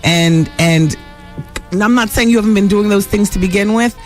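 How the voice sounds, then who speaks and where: A woman's voice: mid-range voice, moderate pace. Chatty lady radio host, candid and loose, faint music under her. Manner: chatty, candid, laughs easily. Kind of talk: casual radio talk.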